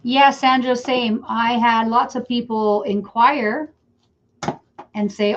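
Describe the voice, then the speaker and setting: A woman's voice: fairly high pitch, slow pace, slight background noise. A friendly, talkative middle-aged woman from Canada walks viewers through making a wreath on a live stream. She greets commenters by name between steps. The sound is a little dull and lo-fi, like a webcam mic. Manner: chatty, talks to viewers by name while working. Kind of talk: casual live-stream crafting demo.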